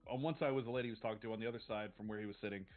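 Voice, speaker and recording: A man's voice: on the low side, steady tone, rapid-fire. Man narrating a tabletop game, tinny. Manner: loose, filler-heavy describing. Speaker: game master. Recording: tinny phone-like sound, faint music.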